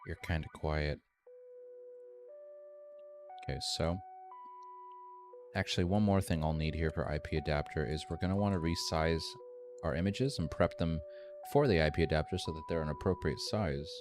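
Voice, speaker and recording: A very deep-voiced man walks viewers through software on a live stream, talking loosely and thinking aloud. He trails off with ums and restarts as he works. Soft music plays faintly behind him. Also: normal speed, pauses often. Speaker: streamer teaching AI animation. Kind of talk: live screen-share tutorial.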